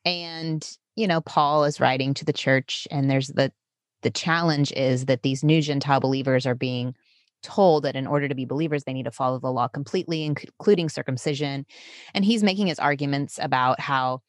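A woman podcast host speaking in a thoughtful, measured conversational way. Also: very deep voice, no echo, studio quality.

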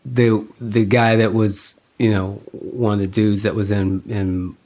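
A middle-aged man, an actor and director, telling animated stories in a casual interview, laughing often and acting out quoted exchanges. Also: lowish voice, measured pace. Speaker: actor and film director, guest.

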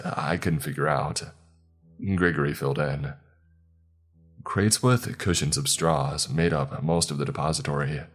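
A man narrating a scripted first-person horror story in a calm, steady way. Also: extremely low pitch.

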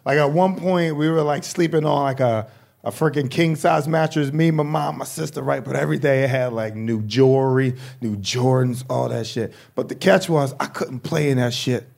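A young adult man doing stand-up comedy, telling animated, profane stories. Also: mid-range voice, normal speed, gravelly.

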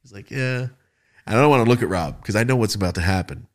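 A man hosting a podcast, telling a story in a casual, profane, animated way and acting out other people's lines. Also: on the low side, rapid-fire. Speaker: podcast host.

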